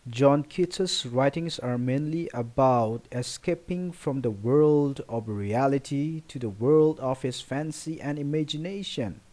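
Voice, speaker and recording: Slow-talking man teaching a poem. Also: medium pitch, darkish tone. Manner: slow, deliberate explaining, listing words one by one. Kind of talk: recorded poetry tutorial.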